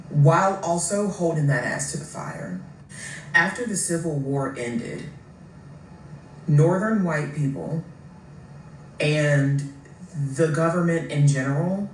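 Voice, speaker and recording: Blunt, swearing commentator, mid-pitch, recorded from a distance in an echoey room. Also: a little mellow. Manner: blunt, profane, builds arguments step by step. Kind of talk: political commentary monologue. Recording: distant mic in an echoey room with faint background noise.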